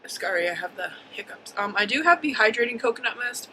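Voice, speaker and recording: A woman in her twenties chats her way through a makeup tutorial in a bright, lively voice. She rambles a bit, full of ums and likes, and calls herself hyper. A faint hiss sits under the home camera recording. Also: on the high side, normal speed, rough recording. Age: 20s. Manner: chatty, hyper, rambling with fillers. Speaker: beauty vlogger. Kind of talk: casual makeup tutorial talk.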